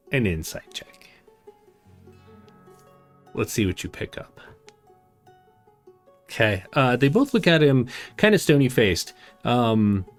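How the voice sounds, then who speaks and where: A man narrating as game master of a tabletop game, relaxed, with many fillers. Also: medium pitch.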